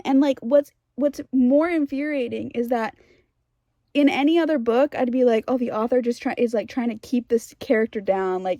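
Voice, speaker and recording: A young book vlogger chats casually in a reading vlog, ranting emotionally and swinging between hushed asides and exasperated outbursts, worn out from lack of sleep. Her voice sits high, and the dry recording has its highs cut off.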